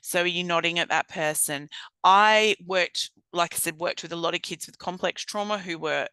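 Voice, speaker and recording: Female trainer, recorded talk; clear resonant voice, dry and close, casual teaching manner. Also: fairly low pitch, moderate pace, dry recording, rough recording. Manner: conversational, repeats calm validating phrases. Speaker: trauma-informed practice trainer. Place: recorded alone for online viewers.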